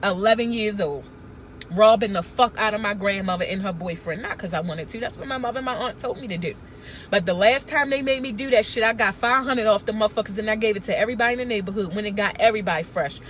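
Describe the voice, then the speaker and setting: A woman's voice: medium pitch, fast, a little hiss or hum. A woman, talking to camera in a blunt, profane, emphatic casual rant. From Baltimore. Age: 30s. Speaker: vlogger.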